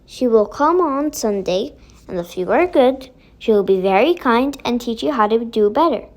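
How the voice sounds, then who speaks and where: A woman's voice: a little high, animated, moderate pace, a little mellow, natural voice. A woman voicing a stern fairy woman in a read-aloud storybook, firm and matter-of-fact. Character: stern, plain-faced fairy woman who punishes wrongdoing.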